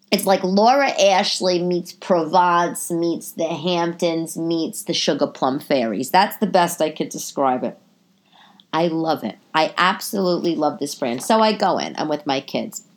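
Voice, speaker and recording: Lady podcaster rambling off on tangents, stuffy nose, kinda low voice. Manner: chatty, rambling, goes off on tangents. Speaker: podcast host. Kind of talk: casual chat. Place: her apartment.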